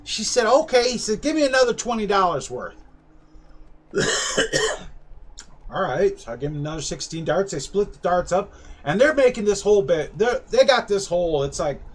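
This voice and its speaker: A man's voice: high voice, moderate pace, husky. A man on a game stream telling a long story about working a carnival dart booth, acting out the people in raised voices. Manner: animated anecdote, acting out customers in raised voices.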